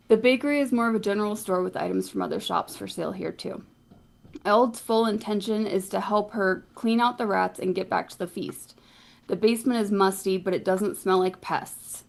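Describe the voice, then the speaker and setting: A woman's voice: medium pitch, vocal fry. A woman casually narrating a recap of a tabletop game session, wry and often swearing.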